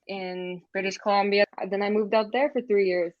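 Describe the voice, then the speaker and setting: A woman's voice: mid-range voice, fairly even intonation, a little fast, dry recording, highs cut off. A woman from Canada, a podcast guest telling her own story in an earnest, matter-of-fact way, with frequent "like". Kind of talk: personal storytelling in conversation.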